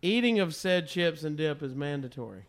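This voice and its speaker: A man's voice: fairly high pitch, animated, moderate pace. A man co-hosting a podcast at a house party, joking crudely and laughing often. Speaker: podcast co-host. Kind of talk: rowdy party banter.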